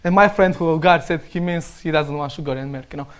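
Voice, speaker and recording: Romanian-accented man, high voice, laughing often. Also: fast talker. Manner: laughs often while telling anecdotes. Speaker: speaker sharing stories. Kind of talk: casual storytelling.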